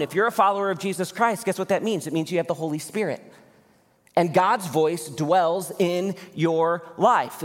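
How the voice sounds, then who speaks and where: A man in his thirties preaching a sermon as pastor, talking earnestly and conversationally with direct appeals to his listeners. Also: on the high side. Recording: hall reverb.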